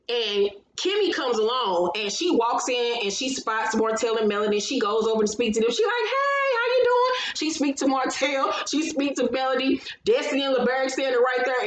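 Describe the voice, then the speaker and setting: A woman with a fairly high voice recaps a reality show in a loose, gossipy way. She is blunt and profane as she talks, and the room gives her voice a roomy echo with faint background hiss. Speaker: host of a reality TV recap channel.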